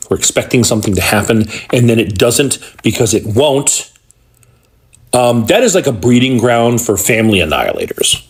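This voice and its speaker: A man's voice: mid-range voice, husky. A man giving blunt, indignant commentary. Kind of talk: critical commentary.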